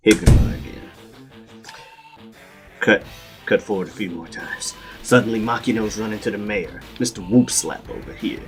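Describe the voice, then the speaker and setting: A man's voice: lowish voice, normal speed, long pauses, music in the background. A man retelling a story in a casual, slangy, profane way as host of a recap show.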